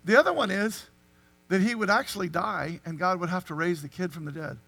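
A man preaching a sermon, animated and full of rhetorical questions to the congregation. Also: high voice, a little fast, creaky. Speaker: pastor.

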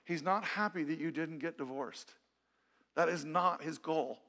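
Middle-aged male pastor, slightly high-pitched, earnest conversational sermon with restarts. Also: a little slow, fairly bright tone. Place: church sanctuary.

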